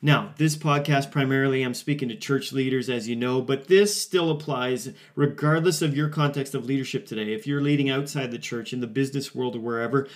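A man's voice: medium pitch, fairly even intonation, a little fast, hardly any pauses. A man in his forties hosting a podcast, telling a personal story in an earnest, conversational way with frequent fillers and restarts. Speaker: podcast host. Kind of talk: casual solo podcast monologue.

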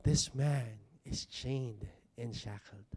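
In a church hall with the congregation seated, a man preaches in a mid-range, darkish voice, with a little hiss or hum in the recording. He speaks conversationally, asks rhetorical questions, and lingers on key words with slow, drawn-out emphasis.

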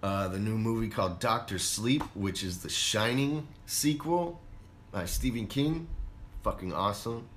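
A man from Colorado hosts a solo podcast in an unhurried, rambling way, dropping curses as he goes. His voice sits fairly low, and he talks at a very slow, drawn-out pace. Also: a bit bright, slight background noise. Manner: laid-back, rambling and heavily profane. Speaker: podcast host. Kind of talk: casual solo podcast chat.

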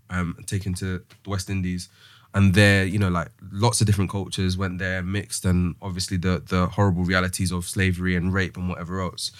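A man talks slowly through his thoughts in a casual podcast chat, pausing on ums and restarting sentences. His voice sits low and the recording is close and dry, with no room around it. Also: dry recording. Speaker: podcast host. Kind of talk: casual discussion.

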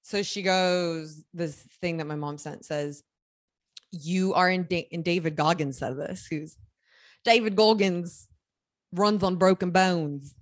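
A young woman chats casually as a podcast co-host, her voice sitting on the low side. She tells stories in a loose, chatty way and laughs easily. The sound is dry and close. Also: takes it slowly, dry recording. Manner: chatty storyteller, laughs while telling stories. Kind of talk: casual chat.

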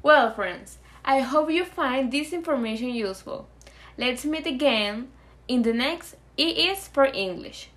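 A woman hosting a grammar podcast, reading clear, carefully scripted explanations. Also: sits high, expressive, a little slow, a bit bright. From Venezuela. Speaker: podcast host teaching grammar.

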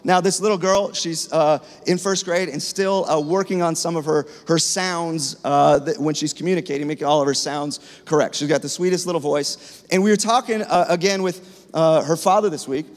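A man's voice: on the high side, fairly even intonation, moderate pace. A man in his thirties preaching a sermon to his congregation in a conversational, storytelling way. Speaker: pastor. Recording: long reverb of a large hall.

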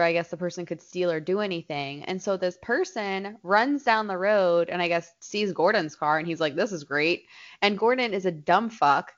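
Lower-voiced woman telling a casual story. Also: muffled recording. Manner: swears freely, tells stories with lively quoted voices. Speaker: podcast co-host. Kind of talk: casual chat.

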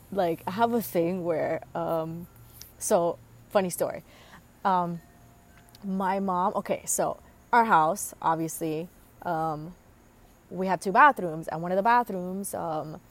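A woman in her twenties telling a rambling, profane story in a casual monologue, full of fillers. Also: lowish voice. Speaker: host.

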